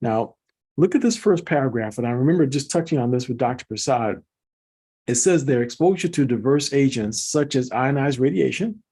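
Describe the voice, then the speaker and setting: This male host speaks at medium pitch with an expressive, husky, dark tone and a moderate pace. Presenting product commentary in a relaxed online session, he eagerly guides viewers through slides, calls them folks, and repeats words to drive points home.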